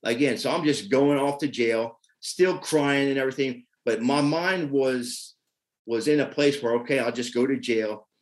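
A man's voice: mid-range voice, moderate pace, rough recording. A man, a podcast guest telling his addiction recovery story in a rambling, emotional way. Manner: emotional, rambling, many "you know what I mean".

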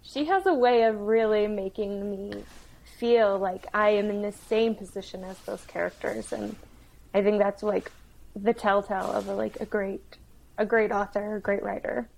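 A woman's voice: mid-range voice, steady tone, normal speed, vocal fry, darkish tone, low-quality recording. A young woman co-hosting a casual book-review podcast, effusive and giggly, with "like" peppering her speech. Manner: giggly, effusive, says "like" a lot. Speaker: podcast co-host.

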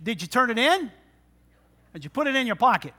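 Male preacher, high bright voice, chatty sermon in church, questions to the pews. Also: big pitch swings, fairly quick. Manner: conversational, asks the congregation questions.

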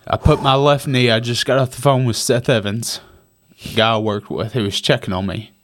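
A man's voice: mid-range voice, steady tone, moderate pace. A man, maybe in his thirties, telling a personal story in casual conversation. He swears and repeats himself for emphasis. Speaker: guest.

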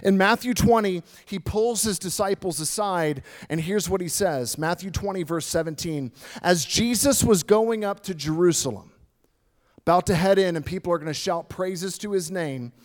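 Pastor, male, fairly high voice, chatty and lively sermon delivery, talking the congregation through scripture. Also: normal speed, hardly any pauses. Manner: conversational, animated, reads and explains scripture.

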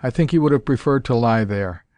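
Grim quiet hero pilot read by a male narrator, low-key, storybook reading, dry. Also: brisk, no room sound, lightly acted. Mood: tender.

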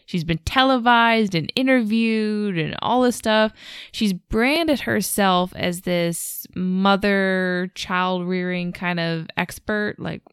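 A woman's voice: medium pitch, takes it slowly, smooth, no echo, studio quality. A woman co-hosting a podcast, telling a story in casual chat with lots of fillers and frequent laughs. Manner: chatty storyteller, laughs often, many fillers. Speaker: podcast co-host.

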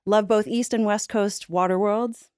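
A woman's voice: mid-range voice, steady tone, unhurried, a little mellow, no room sound. Woman, from Newfoundland, podcast guest, easygoing, storytelling, dry close sound. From Newfoundland, Canada. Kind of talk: casual comedic chat.

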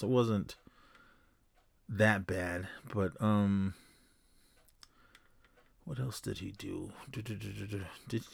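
A male podcast host retells a film scene by scene in a loose, rambling way. He stops often for fillers and corrections. His voice sits a bit low, and the room sounds dry and close. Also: creaky, a bit bright, no room sound. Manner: rambling, full of fillers, acts out quotes. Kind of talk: casual movie recap.

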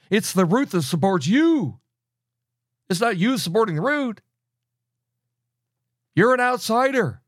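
Earnest and reproachful, a preacher of middle age or older teaches a sermon and repeatedly restarts what he's saying. His voice is a little high. The studio-quality recording has no room sound.

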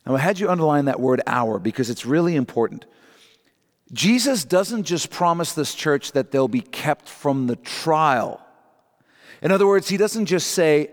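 Middle-aged guy preaching in a big echoey church, punches the key lines. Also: expressive. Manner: emphatic, rising pitch on key points, slows to read scripture. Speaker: pastor. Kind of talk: sermon. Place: church sanctuary. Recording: long hall reverb.

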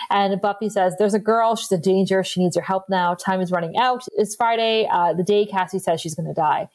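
A woman's voice: mid-range voice, steady tone, a little fast, few pauses, darkish tone. A woman co-hosting a casual podcast, retelling scenes with quoted lines and laughing often. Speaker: podcast co-host. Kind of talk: casual recap chat.

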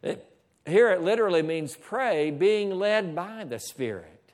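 Preaching man, a bit high. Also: animated, a little slow. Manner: preaching with frequent "Amen?" and asides to the slide operator. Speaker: pastor. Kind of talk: sermon. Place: church.

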